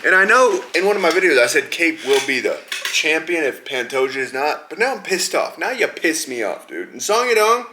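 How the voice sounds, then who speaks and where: A man's voice: fairly high pitch, big pitch swings, a little fast, hardly any pauses, pushed and bright, a little hiss or hum. A man hosting a podcast, ranting angrily and mockingly, with heavy swearing. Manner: profane, heated, mocking. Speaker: podcast host. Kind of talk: angry rant.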